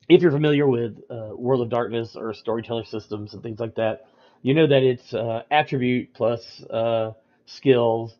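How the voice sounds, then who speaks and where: A man's voice: medium pitch, lo-fi sound. A man running tabletop games, talking casually on a livestream, rambling with frequent ums and restarts. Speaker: storyteller discussing a tabletop game.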